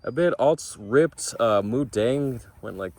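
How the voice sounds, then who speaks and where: A man's voice: medium pitch, animated, takes it slowly, darkish tone. A man vlogging casually, rambling and correcting himself as he thinks aloud.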